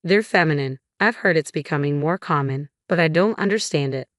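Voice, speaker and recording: A smug, sexist husband talks down to everyone in a dismissive, condescending voice, read by a woman. The voice sits low, and the recording is dry and close with no room around it. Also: brisk, dry recording, close to an everyday voice. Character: arrogant sexist middle-aged office husband.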